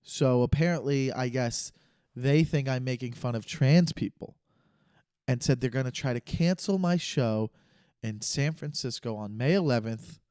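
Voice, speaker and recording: Smooth-voiced man rambling on a podcast. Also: mid-range voice, a little slow, darkish tone, no echo, studio quality. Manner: rambling, stop-start, corrects himself mid-sentence. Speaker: stand-up comedian and podcast host. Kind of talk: casual podcast monologue. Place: living room.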